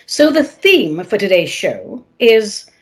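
A woman hosting her own radio show, talking in a playful, dramatic way with sing-song emphasis and a husky voice; she moved to America from elsewhere. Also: mid-range voice, very animated, slow pace. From not from America, moved there. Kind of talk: theatrical solo radio talk.

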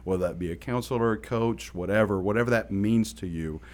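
Guy cohosting a podcast, kinda low voice, goofy, does the radio announcer thing. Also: fairly quick, darkish tone. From Oklahoma. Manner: playful, puts on a deep radio announcer voice. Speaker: podcast co-host. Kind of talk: casual chat.

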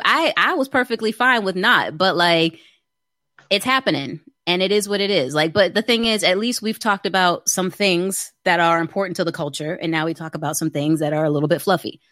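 A woman co-hosting a podcast in casual chat, expressive and joking. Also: mid-range voice, a little fast, no echo, clean studio sound. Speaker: podcast co-host.

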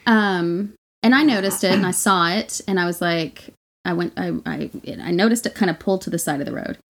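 Lowish-voiced woman telling stories bluntly. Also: brisk. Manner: blunt, profane storytelling with frequent laughs. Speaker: podcast co-host. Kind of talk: casual chat.

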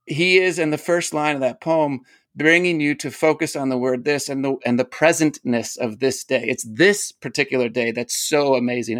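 An eager man explains ideas as an interview guest, laughing often as he goes. His voice sits a little high. The sound is dry and close, with no room around it. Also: steady tone, normal speed, a bit bright, no echo. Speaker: poet and teacher, guest. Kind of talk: casual interview talk.

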